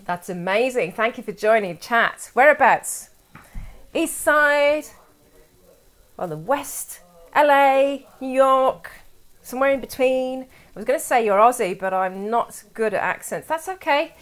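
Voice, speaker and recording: A woman's voice: fairly high pitch, animated, measured pace, fairly bright tone. A woman from England chatting casually on a live stream from home, rambling and reading chat aloud.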